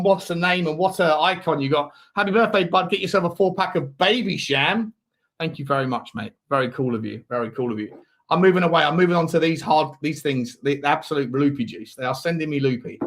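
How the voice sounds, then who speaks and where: Man, watch-along host, fairly high voice, rambling chat. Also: a bit bright. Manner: rambling, reads out viewer messages.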